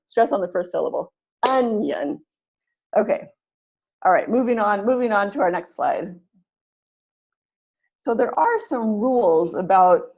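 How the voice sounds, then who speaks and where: A woman leading an online teaching webinar, explaining pronunciation slowly and modeling words syllable by syllable. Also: medium pitch, a little mellow, dull audio.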